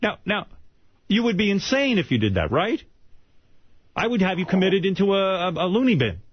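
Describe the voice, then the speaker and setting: A man's voice: high voice, sing-song, moderate pace, slightly rough, dry recording. A middle-aged man hosts a radio show, ranting in a brash, mock-incredulous way. His voice swoops up and down with a slight husk. The sound is dry and a little dull, like an old studio broadcast. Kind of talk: casual radio banter. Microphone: studio microphone.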